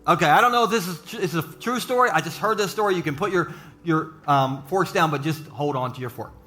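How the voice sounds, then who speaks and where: Bright, high-voiced preaching man. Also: faint music behind. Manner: preaches with jokes and quick asides to the audience. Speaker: pastor. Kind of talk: sermon. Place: church service before a live audience.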